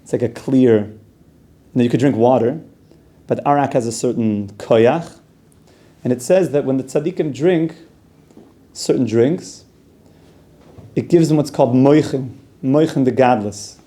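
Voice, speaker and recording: A man's voice: mid-range voice, measured pace, pauses often, dark tone. A man giving a casual, conversational Torah class, dropping Hebrew and Yiddish terms into plain talk. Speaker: yeshiva teacher.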